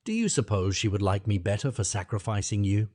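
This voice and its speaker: A man's voice: lowish voice, a little fast, mellow, no echo, studio quality, lightly acted. A man voicing a young woman who speaks with cool sarcasm and a slight tremor, in an audiobook reading. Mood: tremulous.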